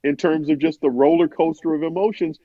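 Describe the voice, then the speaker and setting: A man's voice: on the high side, steady tone, fairly quick, dry recording. Male sportswriter guest, chatty storyteller, muffled dry recording. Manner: rambling, many restarts, quotes others in his own voice. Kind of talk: conversational storytelling. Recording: dull, dry podcast audio.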